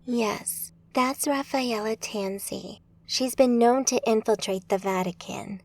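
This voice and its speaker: Woman voicing a calm, hushed woman mage. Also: a little high, slow pace.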